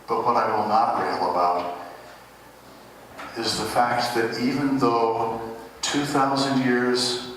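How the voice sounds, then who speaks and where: A man's voice: medium pitch, fairly even intonation, slow pace, pauses often, a bit bright, a little hiss or hum. A man preaching a sermon as the pastor, conversational and wry with humorous asides, in a church sanctuary. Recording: echoey church hall from far off.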